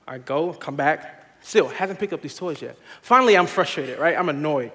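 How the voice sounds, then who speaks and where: A young male pastor preaching in a sanctuary with a long reverb tail. His voice sits a little high for a man. He swings from hushed, earnest urging to loud, laughing storytelling. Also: lively intonation, moderate pace. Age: young adult. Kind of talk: sermon.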